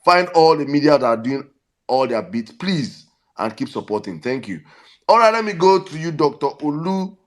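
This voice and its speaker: A man's voice: fairly high pitch, very animated, normal speed. A man with a Nigerian accent hosting an online political chat, emphatic and repeating phrases for force. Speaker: host.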